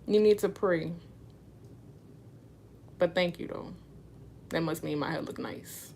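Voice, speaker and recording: A woman's voice: sits low, takes it slowly, gravelly, darkish tone, slight background noise. A young adult woman livestreaming, reading out viewers' questions and answering them in a loose, rambling chat full of fillers. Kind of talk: casual chat.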